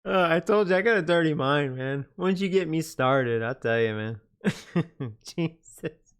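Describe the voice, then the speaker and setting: A man's voice: a little high, expressive, a little slow, smooth. A man chatting casually on a livestream, often breaking into laughter as he talks. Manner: giggly, laughs through his words. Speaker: live streamer.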